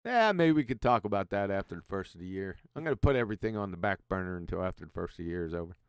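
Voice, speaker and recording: A man's voice: deep voice, expressive, racing, clear, resonant tone, no room sound, clean studio sound. A man hosting a livestream panel in easygoing casual chat, chuckling often and restarting his sentences. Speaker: livestream host.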